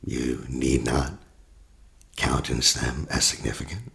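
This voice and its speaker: A man, a therapist, talking a listener through a guided meditation in a slow, soft voice that often drops to a near whisper. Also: a bass voice, big pitch swings, vocal fry. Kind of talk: guided meditation with teaching asides.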